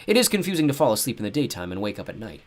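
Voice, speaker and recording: A man narrating an audiobook with expressive storytelling and wry asides. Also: medium pitch, very fast. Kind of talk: scripted narration.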